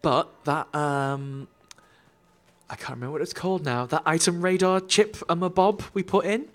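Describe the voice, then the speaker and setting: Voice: medium pitch, steady tone, moderate pace. A co-host of a casual game stream, explaining things in a chatty, rambling way with many fillers. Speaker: let's play co-host. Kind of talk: casual gameplay commentary.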